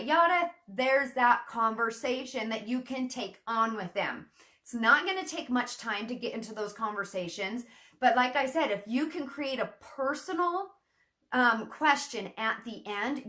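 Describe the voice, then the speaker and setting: A woman's voice: high voice, bright, forceful tone. A woman coaching her sales team in a casual, chatty teaching talk, acting out sample messages in a perkier voice. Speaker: network marketing team coach.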